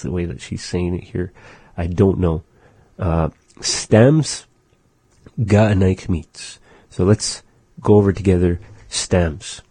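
A man's voice: low voice, steady tone, dark tone, husky, no echo. A man hosting a radio language lesson, patiently saying phrases and explaining their meanings. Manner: slow, patient, repeats phrases. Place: radio studio.

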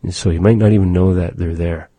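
A man teaching a language lesson, patiently explaining and slowly demonstrating how sounds are made. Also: low voice, steady tone, mellow, dry recording.

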